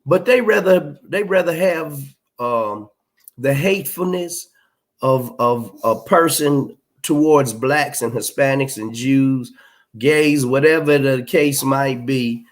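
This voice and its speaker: Reading chat comments aloud on his livestream, a middle-aged male host is blunt, emphatic and profane, speaking slowly in a mid-range voice.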